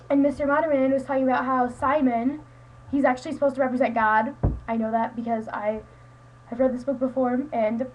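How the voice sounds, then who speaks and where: A woman's voice: a little high, slight background noise, poor audio. A teenage girl chatting casually to a friend on her webcam, rambling with lots of "like" and "um". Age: teens. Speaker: student vlogger. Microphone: webcam mic.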